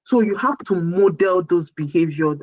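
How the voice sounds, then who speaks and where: A man's voice: high voice, moderate pace, darkish tone, dry recording. A man presenting a parenting workshop, repeating phrases and coaxing the audience to ask questions. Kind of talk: talk to parents on a call. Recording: dull, dry lo-fi audio.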